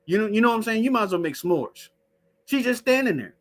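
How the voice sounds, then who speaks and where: A high-voiced man hosting a loose live stream. He swears freely, doubts what he is shown, and keeps turning to his chat with a profane, skeptical edge. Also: very animated, quick pace, soft background music. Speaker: show host. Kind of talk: casual live-stream talk.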